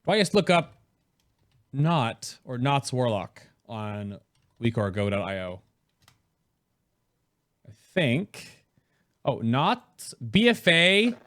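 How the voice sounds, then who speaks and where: A man hosting a casual gaming podcast, reading chat aloud, laughing often and reacting in an animated way. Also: medium pitch, slow, pauses often, no room sound. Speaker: podcast host.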